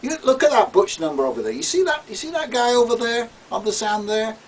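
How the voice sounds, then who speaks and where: A man's voice: high-pitched, sing-song, slow pace, fairly bright tone, voice pushed up, exaggerated voice. A man voicing an indignant, fussy young man who sputters and scolds. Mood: outraged. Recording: distant mic with faint hiss.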